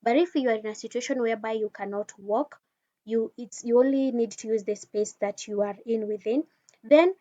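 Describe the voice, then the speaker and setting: A woman's voice: a little high, moderate pace, dark tone. A woman giving an informal wellness teaching talk, speaking straight to the listener in a conversational way with frequent restarts. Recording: dull lo-fi sound.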